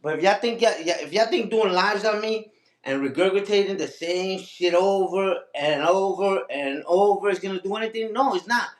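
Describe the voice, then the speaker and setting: A man's voice: high voice, normal speed, echoey room. A man hosting a casual livestream, talking back to his critics and repeating his own catchphrases. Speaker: livestream host.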